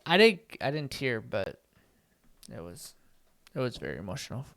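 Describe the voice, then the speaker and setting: Gravelly-voiced man in casual chat. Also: medium pitch, very animated, moderate pace, a bit bright. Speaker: podcast co-host.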